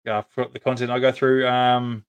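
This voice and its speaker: Rambling Australian man with a smooth voice. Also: mid-range voice, little pitch movement, brisk. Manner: rambling, many ums and restarts. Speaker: podcast host. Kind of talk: casual live-stream chat.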